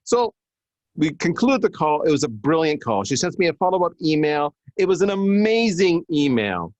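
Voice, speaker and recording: A man tells a story as a webinar guest, his pitch leaping about in lively swings. He acts out the quotes as he goes. The sound is close and dry. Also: moderate pace, no echo, muffled recording. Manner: animated storyteller acting out quotes. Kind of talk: casual webinar conversation.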